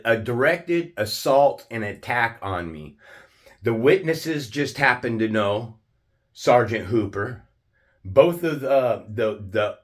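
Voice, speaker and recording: A man in the middle of a heated, profane monologue, his voice at an ordinary middle pitch. He stumbles, repeats himself and restarts his sentences. When he quotes people he jumps up loud and high. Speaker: channel host telling a personal story. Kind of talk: angry ranting monologue.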